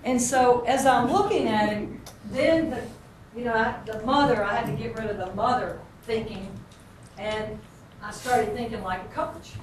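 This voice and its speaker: A woman's voice: fairly high pitch, normal speed. Woman in her fifties, folksy coach storytelling to a crowd; noisy, echoey hall, mic far off. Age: 50s. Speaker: basketball coach giving a speech. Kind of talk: motivational storytelling speech. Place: large hall with an audience.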